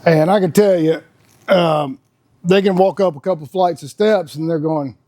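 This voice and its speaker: A man's voice: on the high side, moderate pace, warm tone. A man, talking in a casual, blunt, folksy monologue as a podcast host. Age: 50s. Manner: folksy, blunt, laughs often.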